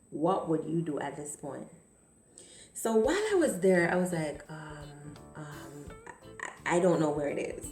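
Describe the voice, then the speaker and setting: A woman vlogger telling a dramatic personal story in an animated way, often stammering. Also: low voice. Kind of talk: storytime vlog. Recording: echoey room, faint music.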